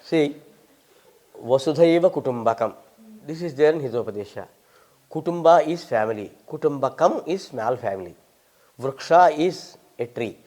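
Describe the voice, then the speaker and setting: A man's voice: fairly high pitch, lively intonation, moderate pace, darkish tone. An older man from India with an Indian English accent, a scholar answering audience questions in an emphatic, lecturing way with wry humour. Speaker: visiting Sanskrit scholar.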